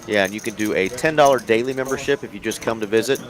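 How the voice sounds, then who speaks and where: A man's voice: on the low side, quick pace. A man commentating live poker in an easygoing, informative way. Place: card room broadcast booth. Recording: casino crowd noise behind.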